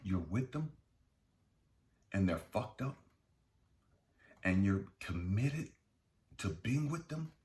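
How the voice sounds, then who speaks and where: A man's voice: fairly low pitch, big pitch swings, slow, long pauses, a little mellow. A man hosting a self-help channel, giving a blunt, heavily profane, preachy motivational monologue.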